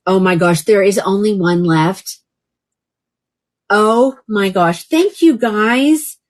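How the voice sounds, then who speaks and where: A woman's voice: mid-range voice, takes it slowly. Gushing, chatty woman hosting a live shopping stream. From Oklahoma, US. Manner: chatty and gushing, often exclaiming and talking to viewers by name. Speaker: live shopping host selling wigs. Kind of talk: casual live-stream sales chat. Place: indoors by a fan.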